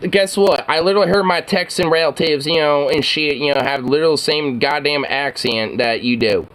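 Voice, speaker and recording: A man's voice: fairly high pitch, normal speed, fairly bright tone. A man hosting a reaction video, rambling casually with swearing, frequent laughs and many fillers.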